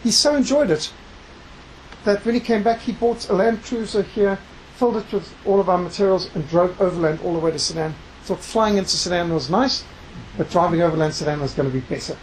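A preacher and missionary giving a sermon, reading scripture aloud and slowing down to stress key words. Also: mid-range voice, slight background noise, low-quality recording. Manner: reads scripture aloud within the talk.

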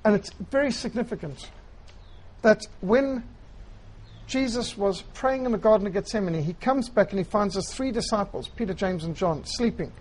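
A man preaching a sermon, retelling scripture in an earnest storytelling way with quiet, emphatic phrasing. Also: high voice, moderate pace, low-quality recording.

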